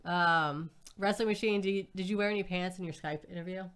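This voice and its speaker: Smooth low-voiced woman reading chat. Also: fairly bright tone. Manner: reads out viewer comments with quick asides. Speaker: co-host reading viewer chat. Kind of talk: casual live-stream chat.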